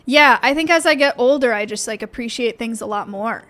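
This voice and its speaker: Chatty young woman with a high voice. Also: brisk, sharp tone. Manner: rambling, chatty, lots of fillers and restarts. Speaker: livestreamer. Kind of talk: casual chat with stream chat. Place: home office shed.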